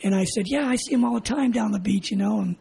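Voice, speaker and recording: An older man from California recounts his army days in an oral history interview. His voice is mellow and warm. He tells it in a lively way, acting out each side of the conversation and laughing along, with faint noise behind him. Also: high-pitched, fast, creaky, rough recording. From California, USA. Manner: animated, acts out dialogue, laughs often. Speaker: interviewee, veteran.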